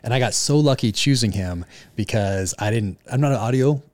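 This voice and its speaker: A man's voice: mid-range voice, fairly quick, no room sound. A man, an author guest, talking casually and thoughtfully in an interview. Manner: relaxed, thoughtful, with fillers. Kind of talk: casual conversation.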